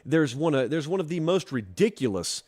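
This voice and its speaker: A man's voice: on the high side, very animated, normal speed, a little mellow. A man from Georgia hosting a college football talk show, giving opinionated commentary with a wry, teasing, emphatic manner as he speaks straight to the fans. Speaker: show host.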